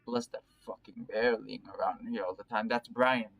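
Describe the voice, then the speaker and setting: A man's voice: on the low side, fairly even intonation, normal speed, gravelly, a bit bright, poor audio. A man doing a crude, offhand small-town dealer.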